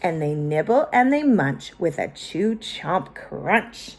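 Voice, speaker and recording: Woman teacher, children's read-aloud; slow, animated, invites joining in. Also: on the low side. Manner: expressive, invites children to join in. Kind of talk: reading a picture book aloud to children.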